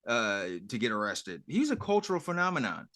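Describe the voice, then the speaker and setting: A man's voice: medium pitch, very animated, brisk, pushed and bright, dry recording, studio quality. A man co-hosting a podcast in casual chat, easygoing and rattling off details as he recaps a show. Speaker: podcast co-host.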